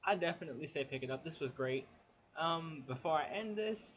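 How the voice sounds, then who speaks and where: A man's voice: a little high, lively intonation, fairly quick, a bit bright, a little hiss or hum. A man giving a casual spoken comic book review, chatty and rambling as he retells the plot.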